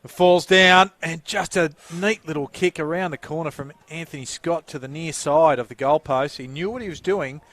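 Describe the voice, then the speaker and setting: Aussie guy calling a footy match, slightly high voice, dry close sound. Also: a bit bright, no echo. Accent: Australian. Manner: lifts and quickens on the action calls. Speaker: play-by-play commentator. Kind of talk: sports commentary.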